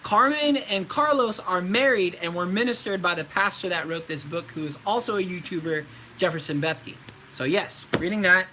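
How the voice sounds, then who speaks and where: A man's voice: high voice, moderate pace, bright, forceful tone, slight background noise, poor audio. A man in his twenties, a voice actor, chatting casually on a live stream and answering viewer questions in a laid-back way.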